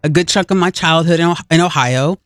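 A woman's voice: brisk, dry recording, studio quality, faint music behind. A woman co-hosting a casual chat, telling a story and acting out what people said. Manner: animated, acts out quotes with big pitch jumps.

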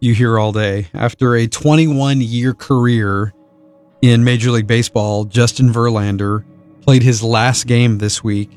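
A male radio host with a middle-pitched voice presents a story in a friendly, upbeat tone. Faint music runs underneath him.

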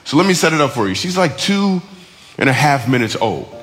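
A man's voice: medium pitch, sing-song, brisk, fairly bright tone, in a large hall, faint music behind. A man, a comedian, telling a funny family story on a radio spot.

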